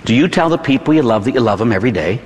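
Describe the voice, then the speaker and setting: A middle-aged Catholic priest with a Pittsburgh accent preaches an evening sermon, his voice leaping up and dropping low as he drives each point home. He tosses in folksy asides, and the sound rings with the long reverb of a church hall. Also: racing. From Pittsburgh, USA. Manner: animated, dramatic pitch swings, folksy asides.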